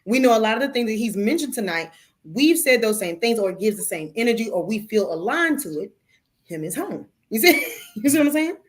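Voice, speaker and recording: A woman's voice: on the high side, sing-song, fairly quick. A woman hosting a spiritual talk show, speaking emphatically and a little preachily, with playful cursing and calling listeners "baby".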